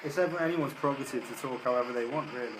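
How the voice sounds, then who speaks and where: A man's voice: medium pitch, very fast. Chatty man on a ghost hunt. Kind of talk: live paranormal investigation. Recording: noisy ambience.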